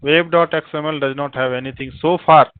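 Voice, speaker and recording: A man's voice: a little high, fairly even intonation, brisk, clean tone, dry recording. Man teaching code over a tinny line. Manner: repetitive, spells words out letter by letter, keeps urging the class to respond. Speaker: programming instructor. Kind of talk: live online coding class. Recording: dry, tinny phone-like line.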